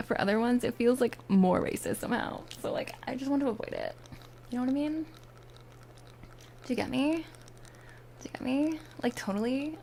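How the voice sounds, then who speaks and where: A woman's voice: a little high, gravelly, slight background noise. A young woman with a Valley Girl accent, chatting in a whispered role-play as an ASMR streamer, close to the mic and full of "like" fillers. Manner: chatty, many "like" fillers, drifts between whisper and soft voice. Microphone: close ASMR mics.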